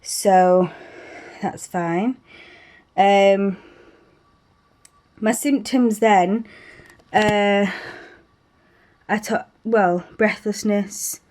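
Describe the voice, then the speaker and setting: A woman's voice: medium pitch, drawn-out words, long pauses, a little mellow. A young woman telling a story in a chatty way to her camera, laughing often and acting out the quotes. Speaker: vlogger sharing pregnancy updates. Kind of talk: casual chat.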